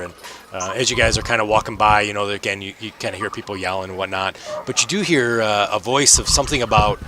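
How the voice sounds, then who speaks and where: A man in a casual, rambling way of speaking, narrating as game master of a tabletop game, full of fillers. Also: fairly low pitch. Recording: noisy home mic.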